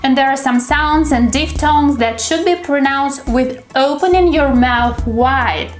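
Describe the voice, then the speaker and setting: A woman's voice: sits high, roomy sound, soft background music. A young woman with a Russian accent, teaching English pronunciation and carefully sounding out words for her viewers to repeat. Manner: slow, careful articulation of drill words. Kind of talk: pronunciation lesson.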